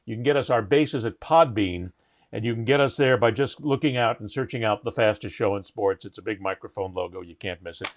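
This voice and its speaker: A man's voice: on the low side, brisk. A man co-hosting a sports podcast, reading plugs and joking in casual chat. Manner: animated, jokey promo patter. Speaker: podcast co-host.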